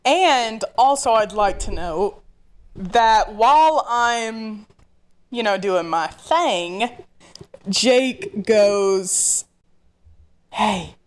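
A woman's voice: a little high, animated, extremely slow. A young woman co-hosting a podcast, chiming in and laughing along in casual chat. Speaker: podcast co-host.

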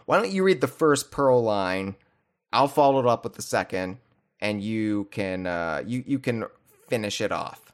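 Joking podcast host, lively pitch. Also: male voice, moderate pace. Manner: rambling, joking, with filler restarts. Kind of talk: casual chat.

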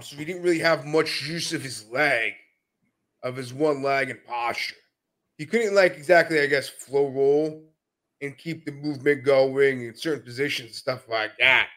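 A man talking as a guest in a casual podcast interview, telling animated stories and often laughing as he goes. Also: mid-range voice. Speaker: podcast guest, jiu-jitsu brown belt.

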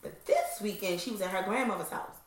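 A woman chatting casually on a talk show, telling stories in an animated way and laughing often. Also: mid-range voice, a little fast, recorded from a distance. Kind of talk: casual chat. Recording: echoey room, voice set back from the mic.

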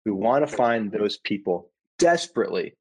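Man, 30s, founder in casual interview; husky low voice, lively with quoted asides. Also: moderate pace, low-quality recording. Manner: animated, acts out quoted customers with restarts. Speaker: startup founder.

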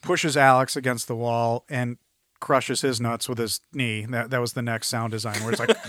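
A man co-hosting a podcast, chatting casually and excitedly about a film, sometimes bursting into movie lines. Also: medium pitch. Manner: enthusiastic, acts out movie lines in quick bursts. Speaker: podcast co-host. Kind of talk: casual film review chat.

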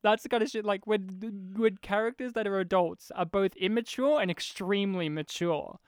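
A man's voice: high-pitched, moderate pace, clean tone, no echo, clean studio sound. A man co-hosting a podcast, talking bluntly and swearing about a film, often laughing. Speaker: podcast co-host. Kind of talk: casual chat.

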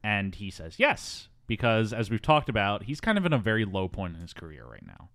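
Low, lively male podcast host, casual and chatty, dry close sound. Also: no room sound. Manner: chatty, many ums and quick asides. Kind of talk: casual movie podcast chat.

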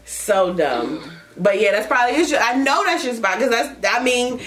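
A woman's voice: fairly high pitch, sing-song, moderate pace, fairly bright tone, slight background noise. A woman hosting a podcast, chatting casually in a frank, profane way, often laughing as she tells stories. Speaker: podcast host. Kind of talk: casual chat.

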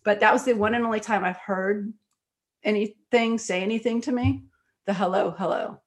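A woman guest, an author and screenwriter, talking in an interview and telling stories quickly and animatedly, with many fillers. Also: a little high, fairly even intonation. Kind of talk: conversational interview storytelling.

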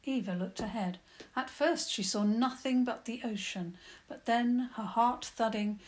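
A woman calmly and gently narrating a children's story. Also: mid-range voice.

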